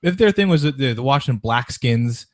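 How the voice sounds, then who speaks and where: A man's voice: mid-range voice, expressive, no echo, studio quality. A man hosting a sports podcast, chatting casually about sports news in a rambling way, with lots of restarts. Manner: rapid, rambling, with frequent restarts and mocking quoted voices.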